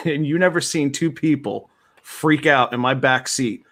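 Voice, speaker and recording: A man from New Jersey, a guest on a chat show, telling a story in an animated way and laughing as he goes. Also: mid-range voice, a little slow. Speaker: comic creator, guest.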